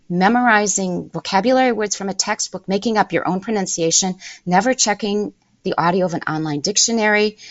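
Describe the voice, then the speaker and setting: As a language-learning guest, a middle-aged woman gives measured, emphatic interview answers, setting out her points in order. Her voice is mid-range, and the recording is dry with dull audio.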